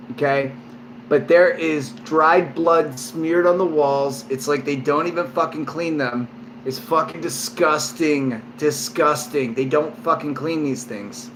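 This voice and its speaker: A man a little drunk, talking to camera at home in a loose, meandering way. His voice sits somewhat high for a man, and he swears constantly as he tells a story. A faint hum of air conditioning runs underneath. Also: fairly bright tone. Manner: rambling and heavily profane, lots of fillers. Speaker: vlogger. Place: at home, indoors.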